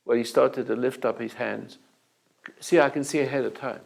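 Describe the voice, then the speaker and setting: An older man with a gravelly, creaky voice gives a talk full of anecdotes. He often stops and starts over mid-phrase. He acts out both sides of each exchange. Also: medium pitch, steady tone, poor audio. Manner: halting storyteller with restarts, acting out the dialogue. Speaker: self-help teacher.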